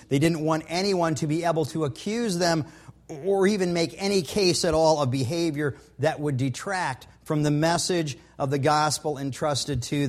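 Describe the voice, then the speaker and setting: Middle-aged male pastor, fairly high voice, folksy and earnest sermon delivery. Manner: earnest, conversational preaching with repeated words and personal stories.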